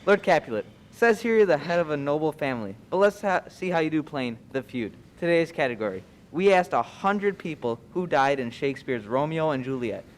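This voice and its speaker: A man's voice: fairly high pitch, expressive, a little fast, hardly any pauses, faint music behind, lightly acted. A young man playing a brash game show host. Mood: upbeat. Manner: showy, upbeat announcing. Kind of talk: high school stage play.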